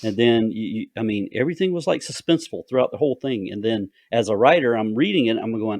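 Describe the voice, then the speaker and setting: A man's voice: medium pitch, animated, brisk, hardly any pauses, a little mellow, no room sound, clean studio sound. A man with a Southern US accent, an author and podcast host chatting casually and rambling about writing. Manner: drawling, rambling storyteller.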